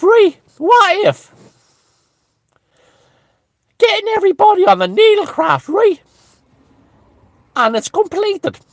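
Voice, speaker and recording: A man putting on a high, theatrical impression of a male online commentator. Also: no echo, heavily acted. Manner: high theatrical questioning delivery.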